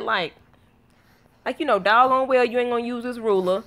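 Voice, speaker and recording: Young woman, family vlogger; bright higher voice, very animated delivery. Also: fairly quick. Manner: animated, laughing often, acts out her kids' voices. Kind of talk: casual storytelling to viewers.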